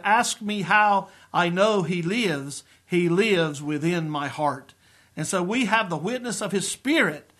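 A middle-aged man preaching in an earnest, emphatic way, slowing down to stress key phrases. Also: on the high side, a bit bright. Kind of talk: sermon-style teaching.

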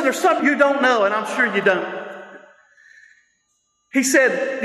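A male pastor preaching with great passion, often shouting his lines and laughing between stories. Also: extremely high pitch. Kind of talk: preaching a sermon. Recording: echoey hall with long reverb.

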